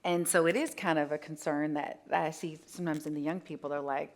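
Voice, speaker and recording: Low-voiced woman panelist. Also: fairly even intonation, a little fast. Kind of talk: live panel discussion. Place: on stage in a town hall venue.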